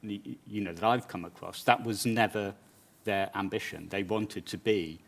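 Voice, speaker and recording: A British man, a journalist interviewing a guest on stage, speaking in a measured, reflective way with some stammered restarts. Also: fairly low pitch, fairly even intonation, vocal fry. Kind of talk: conference interview.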